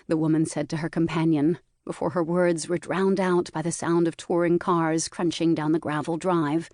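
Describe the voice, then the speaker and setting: A woman narrating a historical mystery audiobook in a measured storytelling manner, recorded in a booth. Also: deep voice, level tone, a little mellow, no echo, clean studio sound. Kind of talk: scripted narration.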